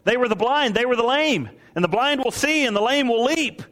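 A man preaching a sermon, swinging from soaring exclamations to hushed asides and acting out the voices of the people in his story. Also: extremely high pitch, expressive, fairly quick, long reverb tail. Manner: acts out voices of priests and merchants. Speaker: pastor.

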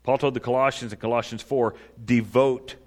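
A male pastor preaching a sermon, emphatic, swinging between loud raised declarations and quiet low asides. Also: steady tone, normal speed. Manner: emphatic, rising to loud high-pitched proclamation then dropping low. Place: church sanctuary. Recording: reverberant hall.

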